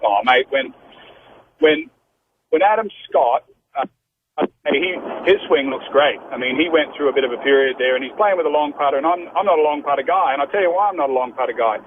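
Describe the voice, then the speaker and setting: An Australian pro golfer in his fifties, telling golf stories as a guest on a radio interview, animated and saying "mate" often. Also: a little high, a little fast. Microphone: telephone. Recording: phone line with faint noise.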